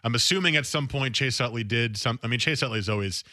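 A man's voice: mid-range voice, fast, sharp tone, dry recording, clean studio sound. A man hosting a sports talk radio show, talking in a casual, opinionated way and often repeating words as he thinks aloud. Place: radio studio.

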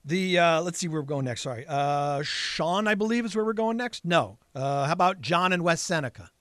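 A male radio host with a voice that sits a bit high, moving through the call list in a quick, routine way. The sound is dry and close. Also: lively intonation, a bit bright, no echo. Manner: brisk and routine, introducing callers. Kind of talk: taking calls on talk radio.

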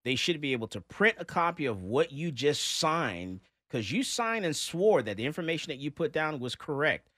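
Lively-voiced man hosting talk radio. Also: on the high side, moderate pace, few pauses, no echo, studio quality. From Texas. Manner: animated, mocking when reading a letter aloud. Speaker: radio talk show host. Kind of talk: casual talk radio, reading listener letters.

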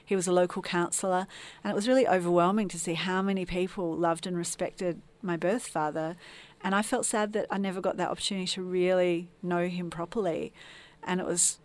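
A woman's voice: on the low side, level tone, brisk, a little mellow. A woman from Tasmania, a podcast guest, telling her personal story in an earnest, reflective way. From Tasmania, Australia.

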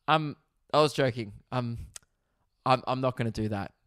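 A young man hosts his own comedy podcast, spinning a long, self-deprecating anecdote and slipping into quick quoted asides. His voice sits at an ordinary middle pitch. The recording is dry and close, with no room sound. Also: fairly bright tone, smooth, no room sound. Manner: rambling, self-mocking, quoting others in quick asides. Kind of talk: casual storytelling monologue.

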